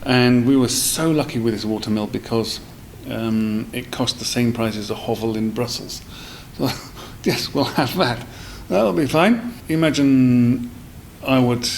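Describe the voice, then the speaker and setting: A guest on a podcast interview tells casual stories in a gravelly, medium-pitched voice with a somewhat dark tone. He's from South East London and rambles, full of fillers and restarts. The recording is rough, with slight background noise.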